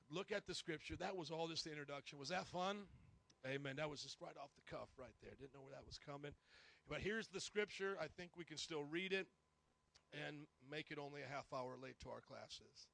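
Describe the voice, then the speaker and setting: A man preaching a humorous, animated storytelling sermon, joking and self-mocking as he goes. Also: fairly high pitch, a little fast, creaky.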